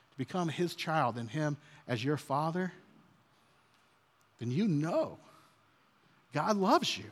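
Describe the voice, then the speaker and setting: A man in his thirties preaching an earnest, conversational sermon as a pastor. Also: sits high. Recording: long hall reverb.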